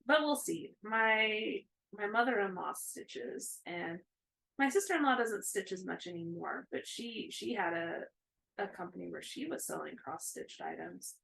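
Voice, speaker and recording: A woman's voice: medium pitch, expressive, measured pace, vocal fry, a bit bright, a little hiss or hum, low-quality recording. A woman in her thirties, co-hosting a casual chat about cross-stitching, rambling with many fillers.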